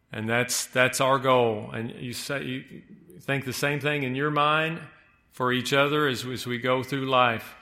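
Bright-voiced man preaching a sermon. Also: medium pitch. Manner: halting, with frequent restarts and "of course"; slows down to stress key words.

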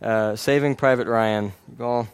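In an unhurried, smooth, mid-range voice with a steady tone, a man preaches to his congregation. The sermon feels earnest and conversational, marked by repeated "right?" check-ins and restarts.

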